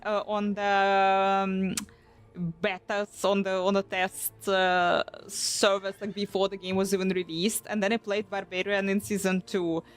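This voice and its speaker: A young woman chatting casually on a live stream, animated and swearing often as she restarts her sentences. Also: mid-range voice, clean tone. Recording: faint background music.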